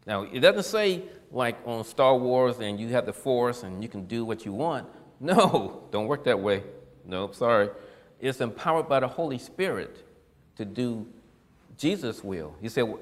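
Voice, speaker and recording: A man delivers a down-to-earth sermon in an easygoing, folksy manner, chuckling at his own lines. His voice swings widely in pitch as he gets animated. The sound carries a long reverb, like a church hall. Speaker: preacher. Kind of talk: casual sermon.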